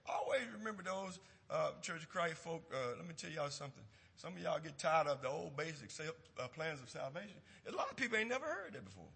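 A preacher tells a folksy story in his sermon and rises to loud, emphatic points in the church. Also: sits high, vocal fry, husky, big-room sound. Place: church sanctuary.

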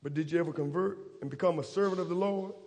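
A man preaching a sermon in a church, impassioned and rising to shouts. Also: fairly high pitch, fast. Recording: long reverb of a church hall.

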